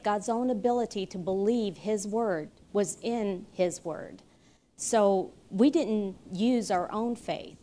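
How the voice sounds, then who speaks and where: A woman teaching a Bible study in an earnest, unhurried way, pausing often with ums and uhs. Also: mid-range voice, warm tone, slight background noise. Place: room with chairs, audience present.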